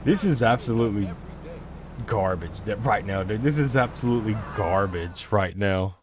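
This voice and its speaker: A man's voice: fairly low pitch, normal speed, background noise. A man giving casual gameplay commentary on a stream, rambling and swearing in frustration, talking into a desk microphone. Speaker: gaming streamer.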